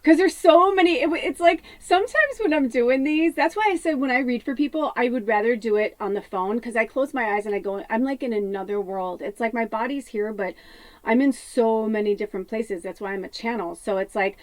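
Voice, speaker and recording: A woman's voice: fairly high pitch, brisk, no echo. A woman psychic medium in a rambling spiritual monologue, often laughing and swearing casually as she talks.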